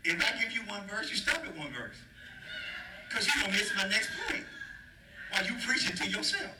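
A man preaching a sermon as pastor, animated and playful, calling out to the congregation for responses. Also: high voice, a little fast. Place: church. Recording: echoey room, faint noise.

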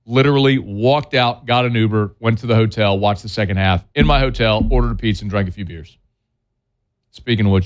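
A man's voice: lowish voice, a little fast, highs cut off. A man hosting a sports talk show, giving blunt, scolding opinions in a plainspoken way. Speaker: sports talk radio host.

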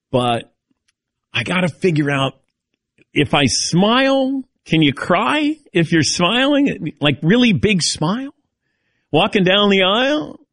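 A man's voice: on the high side, fairly bright tone, no echo, clean studio sound. A middle-aged man hosting a call-in radio show, chatting casually in a rambling, self-deprecating way.

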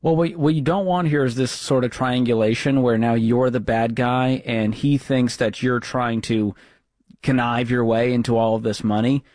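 Male talk radio host: direct, steady, reassuring with callers, close dry studio mic. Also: mid-range voice, normal speed, no echo. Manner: direct, reassuring, recaps the story.

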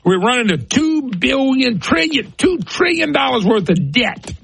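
A man's voice: extremely high pitch, very animated, measured pace, gravelly, fairly bright tone, breathy edge, no room sound. A middle-aged man hosting a political talk radio show, ranting scornfully and firing off rhetorical questions.

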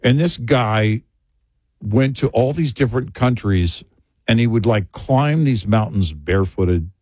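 A man's voice: fairly low pitch, animated, measured pace, a little mellow, no room sound. A man co-hosting a talk radio show in a studio, telling rambling, joking stories and laughing often. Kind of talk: casual talk radio chat.

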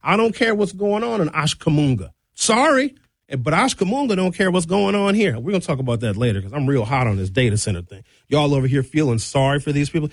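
Blunt, animated middle-aged male talk host. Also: fast talker, hardly any pauses, dry recording, clean studio sound. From Wisconsin. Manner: animated, blunt, sarcastic, with sudden high-pitched outbursts. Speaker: radio talk show host. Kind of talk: opinionated talk radio monologue.

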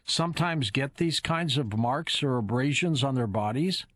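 A man hosting a radio talk show, taking callers in a brisk, to-the-point way. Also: mid-range voice, animated, fairly bright tone, no room sound, clean studio sound. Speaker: host.

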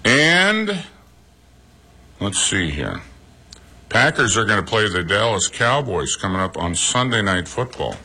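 A man with a low, husky voice and a forceful edge reads the sports news on a morning radio show. He speaks from a radio studio and drops his own chatty opinions between the scores. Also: sing-song, measured pace, pauses often. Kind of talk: sports news read with casual commentary.

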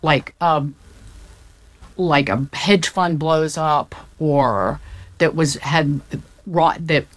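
Low-voiced, unhurried woman explaining economics. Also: no echo. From Southern United States. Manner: fact-heavy, restarts mid-sentence. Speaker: economics commentator. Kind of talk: casual explanatory chat.

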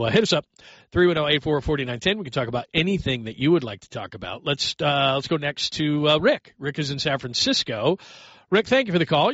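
A middle-aged man hosting a late-night sports call-in radio show, chatty and quick to laugh, turning firm when he lectures a caller. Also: medium pitch, a bit bright, no echo, lo-fi sound. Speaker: radio sports talk host. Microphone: studio broadcast mic.

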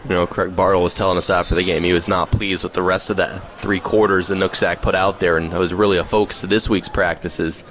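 Man calling high school football. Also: fast talker, hardly any pauses, a little hiss or hum. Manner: rises to excited calls on big plays. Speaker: play-by-play announcer. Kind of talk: radio sports commentary. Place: outdoors at a football field.

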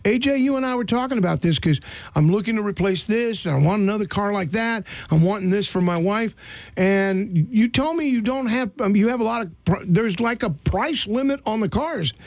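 Guy hosting radio, high voice with lots of gravel, jokey and excitable. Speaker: radio host. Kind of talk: casual radio chat.

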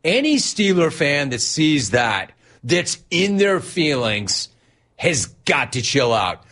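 A man hosting a sports talk show, teasing and animated, reading out chat and laughing often. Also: fairly high pitch, slow.

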